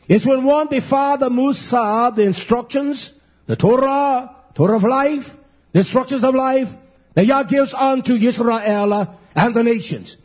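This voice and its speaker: Male preacher, husky, high and animated, call-and-response sermon, muffled lo-fi sound.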